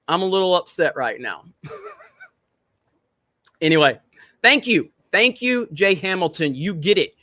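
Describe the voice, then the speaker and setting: Cocky guy streamer talking trash with chat, fairly high voice, dry close mic. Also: very animated, unhurried, long pauses, pushed and bright, no room sound. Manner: brash, profane, banter with the chat. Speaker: live stream host. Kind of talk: casual live stream chat.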